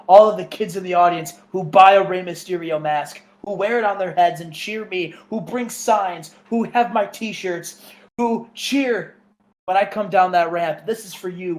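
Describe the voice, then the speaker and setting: Guy doing a hyped wrestling champ cutting an earnest promo, voice pushed way up high. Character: triumphant masked wrestling champion, proud, earnest.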